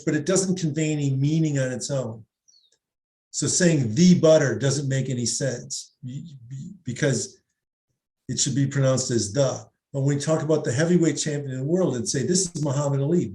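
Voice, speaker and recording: A middle-aged man, a psychologist, explaining reading and language in an animated way and sounding out examples. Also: fairly high pitch. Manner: animated explainer, demonstrates pronunciations aloud. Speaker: psychologist guest. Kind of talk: explanatory discussion. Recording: roomy echo.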